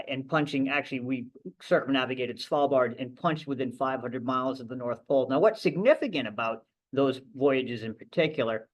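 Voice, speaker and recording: A middle-aged man, a ship captain, giving a conversational, anecdotal talk at a library event. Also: mid-range voice. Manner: conversational storytelling with restarts. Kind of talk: anecdotal lecture.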